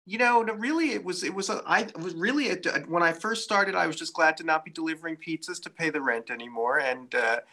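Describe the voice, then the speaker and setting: A man talks through his musical career in an easygoing, reflective way, often pausing on fillers as he tells his stories. His voice sits fairly high and sounds clearly bright. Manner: relaxed, reflective storytelling with frequent fillers. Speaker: saxophonist guest. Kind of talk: casual interview chat.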